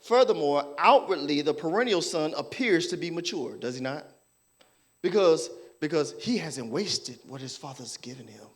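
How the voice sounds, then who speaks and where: A man preaching a sermon as pastor, playful and animated, acting out people's voices and laughing with the congregation. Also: a little high, normal speed.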